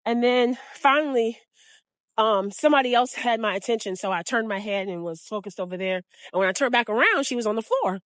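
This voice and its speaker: A woman yoga teacher casually sharing stories from her classes in a chatty, animated way. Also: fairly high pitch, fairly quick, no room sound, clean studio sound. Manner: warm, chatty, animated storytelling. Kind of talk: casual storytelling vlog.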